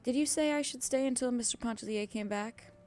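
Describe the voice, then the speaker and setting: A woman's voice: a little high, fairly quick, a little mellow, pitched above the performer's own voice, close to an everyday voice. Woman reading as a languid, aloof young wife. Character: languid withdrawn young wife, quietly stubborn.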